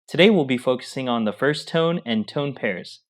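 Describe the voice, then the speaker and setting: A man's voice: mid-range voice, expressive, moderate pace. Man co-hosting a language lesson. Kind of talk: explaining lesson steps.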